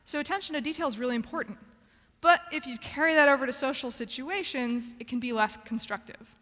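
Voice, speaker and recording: Woman giving a conference talk, bright and kinda high, earnest, lots of ums, big echoey hall. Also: fast. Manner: earnest, practical, with frequent ums and restarts. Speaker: conference speaker.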